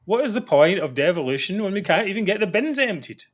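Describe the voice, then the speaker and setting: A man's voice: sits high, big pitch swings, fast. Chatty man hosting a talk show. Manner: chatty, sardonic, mocking asides. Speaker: host. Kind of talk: live political talk show chat.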